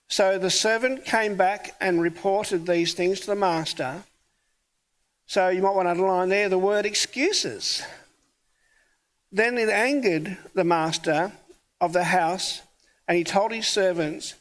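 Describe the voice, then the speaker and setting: A man's voice: sits high, measured pace, fairly bright tone. A man who is a pastor, preaching a sermon in a conversational storytelling way and acting out the dialogue of his story. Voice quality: hard of hearing.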